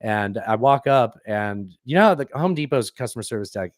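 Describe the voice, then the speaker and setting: A man's voice: mid-range voice, lively intonation, a little fast, no room sound, studio quality. A man in his forties co-hosting a podcast, telling rambling, profane stories in casual chat. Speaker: podcast co-host.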